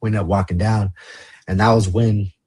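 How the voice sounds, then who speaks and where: A man's voice: fairly low pitch, steady tone, moderate pace, a little mellow, husky. A man from the San Fernando Valley, a podcast guest telling his story in a casual, rambling way, swearing and leaning on "like" and "you know". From Los Angeles, San Fernando Valley. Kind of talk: candid storytelling interview.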